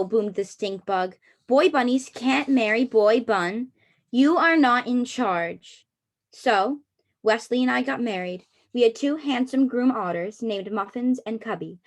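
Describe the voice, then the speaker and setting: A woman reading a children's storybook aloud at a church service, gentle and even. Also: on the high side.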